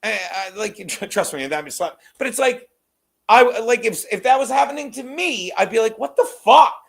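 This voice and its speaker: A man's voice: high voice, lively intonation, normal speed, creaky. A man co-hosting a podcast in casual chat, profane, rambling and self-mocking. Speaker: podcast co-host.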